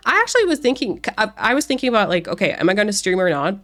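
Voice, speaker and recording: A woman's voice: mid-range voice, sing-song, racing, a bit bright. A woman streamer chatting casually with her viewers, sounding congested and nasal from a cold and rambling with frequent restarts. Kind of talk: casual livestream chat with viewers. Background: faint background music.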